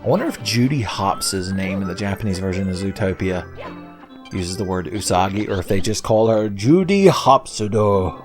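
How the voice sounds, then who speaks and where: A man's voice: low-pitched, lively intonation, normal speed, music in the background. A young man hosting a let's play, giving casual gameplay commentary full of sarcastic, profane, rambling jokes.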